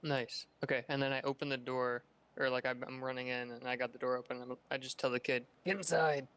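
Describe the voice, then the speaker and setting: A man playing a tabletop game who describes his character's actions hesitantly, with many pauses and "uh"s. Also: mid-range voice, completely flat delivery, a bit bright, smooth. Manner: hesitant, full of "uh"s. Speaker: player. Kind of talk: casual tabletop play.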